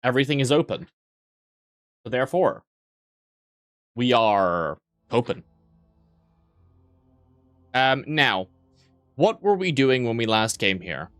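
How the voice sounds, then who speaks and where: A man's voice: mid-range voice, big pitch swings, normal speed, long pauses, a bit bright, dry recording, faint music behind. A man streaming a video game, rambling in casual commentary, swearing freely and poking fun at himself.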